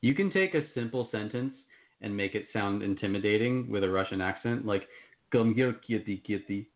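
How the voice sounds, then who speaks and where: A man's voice: lowish voice, a little fast. A man, an author being interviewed, talking in an upbeat, casual and enthusiastic way. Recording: tinny phone-like line.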